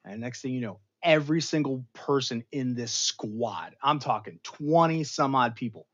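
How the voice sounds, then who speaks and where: A man hosting a casual pop culture show, retelling a TV episode in an animated, rambling way with big jumps in pitch and loudness. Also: moderate pace, lo-fi sound. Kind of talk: casual episode recap livestream.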